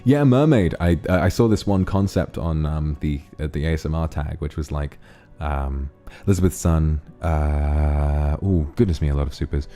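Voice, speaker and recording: A man's voice: very deep voice, steady tone, normal speed, hardly any pauses, mellow, faint music behind. A man streaming casually, rambling about ideas and thanking donors one by one. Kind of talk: casual stream chat reading donations.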